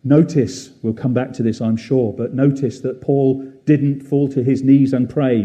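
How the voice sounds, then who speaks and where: A man preaching a gentle, reflective sermon at a church service, with frequent fillers and pauses. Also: medium pitch, fairly even intonation, dull audio.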